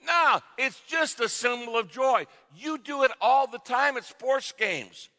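A middle-aged male pastor delivering an emphatic sermon, with sudden shouted exclamations, in a large church hall. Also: very high-pitched, expressive, measured pace. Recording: reverberant hall sound.

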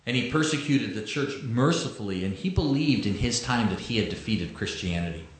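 Male pastor mid-sermon, heavy room echo, slow scripture reading with chatty asides. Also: lowish voice, lively intonation, a little hiss or hum. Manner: reads scripture slowly, then explains with conversational asides. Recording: echoey room.

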